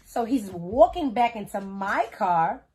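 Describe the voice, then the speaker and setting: A woman in her thirties telling a story to camera in a casual, slangy, animated way, acting out the people she describes. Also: mid-range voice, measured pace, a little hiss or hum. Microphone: camera on a tripod.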